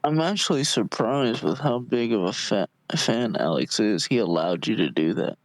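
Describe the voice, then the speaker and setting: A man's voice: mid-range voice, expressive, moderate pace, no room sound, low-quality recording. A man co-hosting an anime podcast, laid-back and a little hesitant in casual chat. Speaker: podcast co-host.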